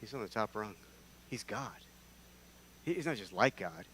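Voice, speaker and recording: A man from North Carolina, preaching a conversational sermon in a church, lively and prone to restarting his sentences. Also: on the low side, moderate pace, a little hiss or hum. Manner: animated, conversational, with repeated restarts.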